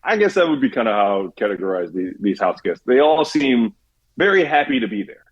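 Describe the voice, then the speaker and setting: A man talking as a podcast guest in casual chat, animated, laughing often and filling his speech with "like". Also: mid-range voice, a little fast, husky, highs cut off.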